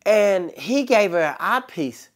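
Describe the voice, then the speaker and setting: A man, a comedian guest telling stories in casual chat, animated and laughing often. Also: high-pitched, measured pace.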